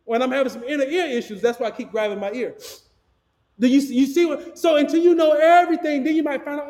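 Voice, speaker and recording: A man preaching a sermon as pastor, projecting his voice loudly without a microphone and asking the congregation call-and-response questions, with clogged ears and sinus trouble. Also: very high-pitched, fast. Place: church sanctuary. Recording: echoey hall, no microphone.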